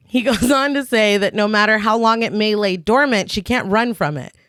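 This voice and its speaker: A woman co-hosts a horror podcast and walks through the film's plot in a loose, chatty way, breaking into laughter and the odd swear. Her voice sits at an ordinary middle pitch. The sound is dry and close, with no room around it. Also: moderate pace, fairly bright tone, clean tone, no room sound. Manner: laughs often, swears freely, plays out scenes. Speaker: podcast co-host recapping a film. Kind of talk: casual chat.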